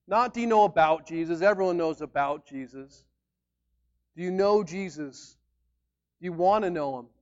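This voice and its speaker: A man preaching a sermon as pastor, emphatic and conversational, swinging between loud declarations and quiet asides. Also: a little high, highs cut off.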